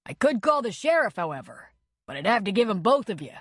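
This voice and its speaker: A woman's voice: mid-range voice, big pitch swings, a little fast, slightly rough, no echo, studio quality. A woman narrator voicing a small-town male police officer, firm and authoritative.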